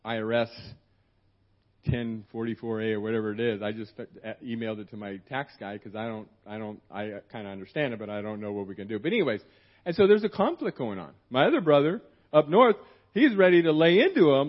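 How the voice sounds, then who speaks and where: A middle-aged guest preacher delivers a sermon as a personal story, speaking fast and expressively in a mid-range voice. He rambles conversationally, restarting often and acting out quotes. The church recording sounds dull and muffled.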